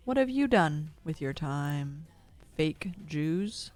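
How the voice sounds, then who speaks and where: A woman's voice: low-pitched, animated, takes it slowly, a little mellow, faint music behind. Agitated woman ranting, cursing hard. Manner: agitated, heavy cursing, accusatory. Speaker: streamer. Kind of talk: ranting monologue. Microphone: studio dynamic mic.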